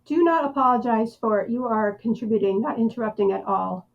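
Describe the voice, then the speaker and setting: A woman hosting a podcast interview, speaking thoughtfully with frequent pauses and fillers. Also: a little high, vocal fry, lo-fi sound. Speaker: podcast host.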